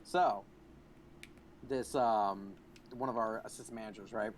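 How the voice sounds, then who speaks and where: A man's voice: lowish voice, steady tone, unhurried, a little hiss or hum. A man hosting a gaming video, telling a long profane story in casual chat. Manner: profane, rambling anecdote-telling. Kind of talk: casual chat while playing.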